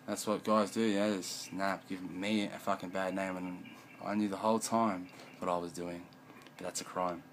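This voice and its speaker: A man's voice: deep voice, little pitch movement, moderate pace, slight background noise, low-quality recording. Rambling profane man. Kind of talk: rambling monologue vlog.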